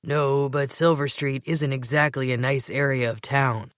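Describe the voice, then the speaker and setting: A teasing young man with a slow, unhurried drawl, as a woman narrator puts him on. He sits a little lower than her own voice and sounds relaxed and amused. The sound is dry and close. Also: smooth, no echo.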